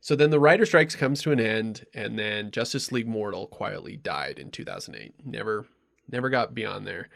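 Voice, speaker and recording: A man's voice: fairly low pitch, expressive, normal speed, vocal fry, a bit bright. A man hosting a podcast, telling a rambling story in casual chat, full of ums and asides. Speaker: podcast host.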